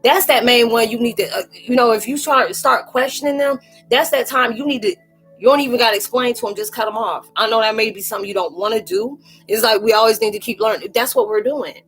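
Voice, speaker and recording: A woman's voice: fairly high pitch, fast, a bit bright, faint music behind. A woman hosting a casual livestream tarot reading, talking loosely and rambling, often acting out quoted voices. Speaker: spiritual tarot reader hosting a live chat.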